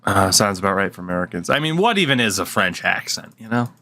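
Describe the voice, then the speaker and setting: A man's voice: sits low, big pitch swings, fast talker, pushed and bright. A man giving casual, sarcastic gameplay commentary at his desk mic. He swears freely and mutters to himself as he plays. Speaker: gaming channel host.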